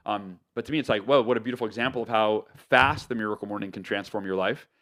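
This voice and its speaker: A man from the United States, an author, telling stories as a podcast guest in an animated way, with lots of fillers and restarts. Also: fairly low pitch, fast. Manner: animated, loose talk with many fillers and self-corrections. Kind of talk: casual storytelling interview.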